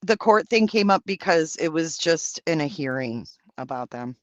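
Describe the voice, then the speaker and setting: A man's voice: on the high side, lively intonation, moderate pace, no echo. Brash, profane man hosting a livestream. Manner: brash, profane, campy banter with chat. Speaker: livestream host. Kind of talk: casual livestream chat reading viewer comments.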